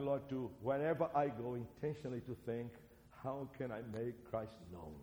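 Brazilian-accented preacher in an echoing hall. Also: male voice, mid-range voice. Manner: animated, swings between loud and soft. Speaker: preacher and seminary teacher. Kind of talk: sermon. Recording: reverberant hall.

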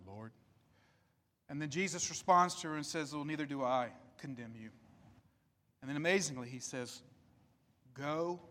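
A man delivers a sermon from the pulpit of a church sanctuary, his fairly high voice rising and falling in an emphatic, repeating cadence. He speaks slowly and leaves dramatic pauses between phrases. The sound carries a long, reverberant hall tail. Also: pushed and bright. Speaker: pastor.

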